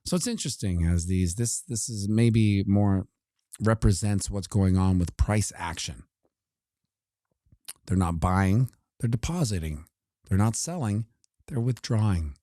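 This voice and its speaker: A man's voice: fairly low pitch, animated, a little slow, warm tone, dry recording, studio quality. A man giving casual, joking commentary on crypto charts while looking things up on his computer. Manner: joking asides, talks while scrolling.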